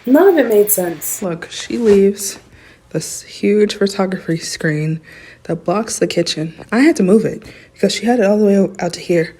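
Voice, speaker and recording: A woman's voice: medium pitch, unhurried, dark tone. A young woman vlogger animatedly telling a profane storytime tale to her camera. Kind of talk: storytime vlog.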